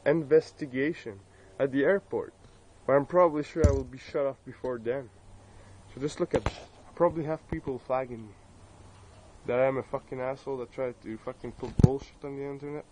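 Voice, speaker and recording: A man's voice: mid-range voice, moderate pace, background noise. Furious swearing French Canadian man. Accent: Acadian French Canadian. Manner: furious, swearing constantly, repeating himself. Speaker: vlogger. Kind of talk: angry profane rant. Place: outdoors near his home, filming the sky. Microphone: cell phone camera.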